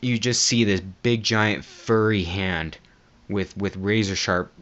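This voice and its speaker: A low-voiced man talks through a movie plot on a dull, muffled home recording. He rambles and restarts, swearing casually as he goes. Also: slow, fairly bright tone. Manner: rambling, lots of fillers and restarts, swears freely. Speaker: movie reviewer. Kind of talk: casual spoken movie recap.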